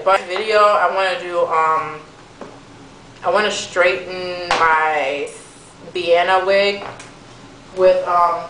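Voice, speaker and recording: A woman's voice: medium pitch, sharp tone, echoey room, poor audio. A young woman venting to camera in a casual vlog, chatty and exasperated, with lots of fillers. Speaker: vlogger. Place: room at home.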